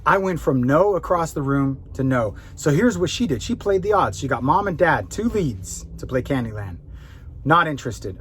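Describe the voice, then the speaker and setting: A man's voice: medium pitch, brisk, slight background noise. A middle-aged man with a mid-range voice who talks like a coach telling a story to friends. He acts out the quotes and jokes at his own expense. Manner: animated, self-mocking storyteller acting out quotes. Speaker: real estate sales trainer and coach. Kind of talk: casual storytelling lesson.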